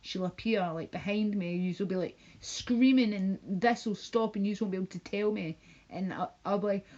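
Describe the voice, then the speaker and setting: A woman's voice: mid-range voice, moderate pace, mellow. Lady ranting on a home livestream, swears a lot, kinda dull lo-fi mic sound. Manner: rambling, profane and mocking. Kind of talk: casual livestream rant.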